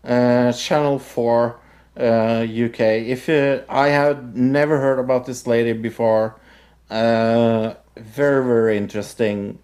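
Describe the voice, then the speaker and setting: A man co-hosting a casual podcast, reviewing TV shows with halting speech, many fillers and frequent laughter. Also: medium pitch, darkish tone. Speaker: podcast co-host.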